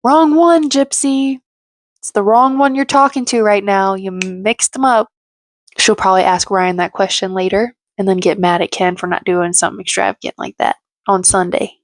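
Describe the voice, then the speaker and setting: A woman's voice: medium pitch, steady tone, normal speed. A woman giving a casual commentary recap of a reality show, with sarcastic, snarky asides.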